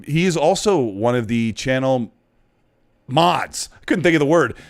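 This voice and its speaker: A man's voice: mid-range voice, lively intonation, a little slow. A man hosting a casual podcast, reading out viewer messages in a friendly, upbeat way. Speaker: podcast host.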